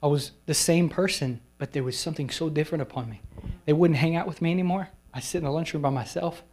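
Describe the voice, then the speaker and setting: Man preaching a personal testimony. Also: a little high. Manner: personal testimony, slowing to soft, emphatic phrases; acts out quoted people in whispers and raised voices. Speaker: guest preacher. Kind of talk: sermon storytelling at a retreat.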